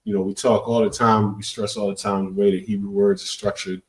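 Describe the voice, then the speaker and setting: A man's voice: lowish voice, little pitch movement, fairly quick, recorded from a distance. A man steadily explaining Hebrew prefixes and root words in a class. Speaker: Hebrew teacher.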